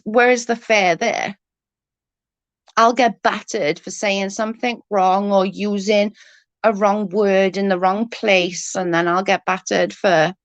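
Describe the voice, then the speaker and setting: A woman with a cold, hoarse and husky, chatting casually on a livestream and answering viewers' comments. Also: medium pitch, no echo. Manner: blunt, swears freely, vents about double standards. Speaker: livestream host. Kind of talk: casual live chat reading comments.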